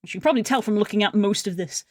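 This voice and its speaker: A woman's voice: mid-range voice, racing, a little mellow, no echo. A young woman streaming while editing video, rambling and musing aloud to her chat in a casual way.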